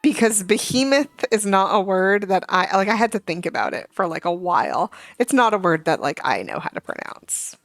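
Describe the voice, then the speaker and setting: A woman's voice: mid-range voice, big pitch swings, normal speed, hardly any pauses, no room sound. A young adult woman streaming a game, chatting casually and telling a rambling story full of fillers and asides. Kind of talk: casual gaming chat. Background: faint game music.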